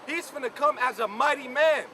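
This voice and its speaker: A man's voice: extremely high pitch, moderate pace, bright, forceful tone. A man preaching outdoors on a street, commenting on scripture with emphatic, repetitive phrasing. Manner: emphatic, repeats "man" and "you know". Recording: outdoor street with crowd noise.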